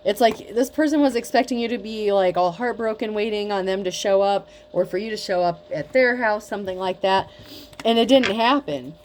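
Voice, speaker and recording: A woman's voice: medium pitch, fairly quick, hardly any pauses, a little mellow, slight background noise. A woman giving a casual tarot reading, talking bluntly with lots of swearing and mockery. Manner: blunt, profane, mocking. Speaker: tarot reader.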